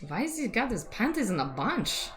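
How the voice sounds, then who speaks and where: A woman's voice: a little high, sing-song, moderate pace, music in the background. A woman player in a tabletop game asking hesitant, playful questions. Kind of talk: casual chat.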